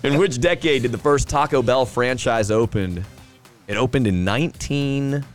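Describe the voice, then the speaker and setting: A man with a mid-range voice, speaking at normal speed, hosts a pub trivia podcast with soft background music. He announces each question, repeats it, and jokes between rounds in a casual quiz style.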